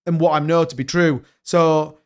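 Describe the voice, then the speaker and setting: A young man hosting a crypto live stream, talking fast and excitedly in a rambling, casual way while reading viewer comments. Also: on the high side, clear, resonant tone.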